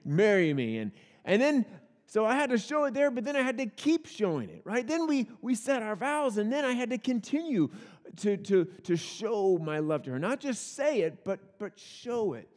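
A man's voice: very high-pitched, big pitch swings, normal speed, a little mellow. Man preaching a folksy sermon, long hall reverb. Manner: folksy, storytelling, frequent restarts and repeated words. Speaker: pastor. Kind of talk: conversational sermon with personal stories.

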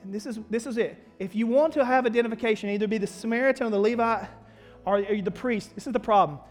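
Soft music plays beneath a pastor's sermon as his voice rings through a reverberant church hall. He speaks fast in a high voice, starting with storytelling before building to loud, emphatic preaching.

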